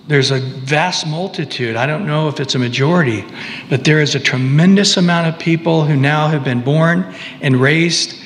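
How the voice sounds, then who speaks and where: A male preacher talks through scripture in a loose, conversational way, stopping to restart and throw in asides. His voice sits a touch high for a man. A long reverb hangs behind it. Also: a bit bright. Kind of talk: sermon.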